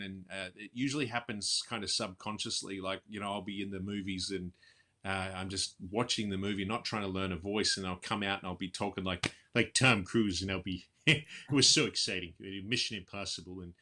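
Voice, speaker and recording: Male impersonator, chatty interview guest on a video call, bright tone. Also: on the low side. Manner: chatty, quick laughs, drops into voices. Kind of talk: casual interview chat.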